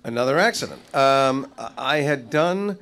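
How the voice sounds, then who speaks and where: A middle-aged actor telling stories as a guest, animated and self-deprecating, on a live stage. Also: male voice, mid-range voice, normal speed. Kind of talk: anecdotal storytelling. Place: live stage before an audience.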